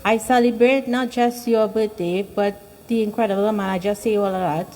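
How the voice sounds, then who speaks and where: A woman giving a heartfelt birthday tribute to her father at a temple gathering, halting and nervous. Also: mid-range voice, fairly even intonation, dark tone, poor audio. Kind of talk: emotional speech at a temple gathering. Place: temple hall.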